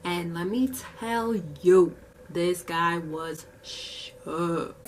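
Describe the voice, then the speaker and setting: A young woman with a fairly low voice tells a casual story-time tale to her camera. She is animated, drops "like" constantly and acts out what people said. A faint hum of ambient noise sits under her voice. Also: very slow, distant mic. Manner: animated storytelling, heavy use of "like", acts out quotes. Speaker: vlogger.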